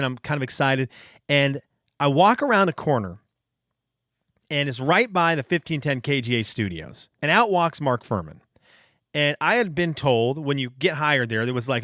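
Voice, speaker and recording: A man hosting his own podcast, telling stories in a casual, animated, self-deprecating way. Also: a little high, fairly quick, no room sound, studio quality. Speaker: podcast host. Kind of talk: casual storytelling monologue.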